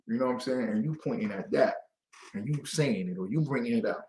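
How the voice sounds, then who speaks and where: A man teaching a scripture class to a group, lively and conversational, acting out the voices he quotes. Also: mid-range voice, quick pace, echoey room. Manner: lively, call-and-response, acts out quoted voices.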